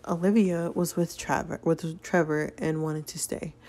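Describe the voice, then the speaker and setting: A woman's voice: deep voice, steady tone, unhurried, dark tone. A woman voicing an earnest young man in a story game, speaking frankly and confronting an adult.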